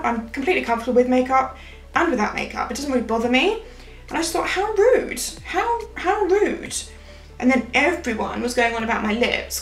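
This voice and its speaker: Chatty, rambling woman vlogging. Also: on the high side. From Britain. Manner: rambling, loses her train of thought. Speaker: beauty vlogger. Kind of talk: chatty makeup tutorial. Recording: echoey room with faint music.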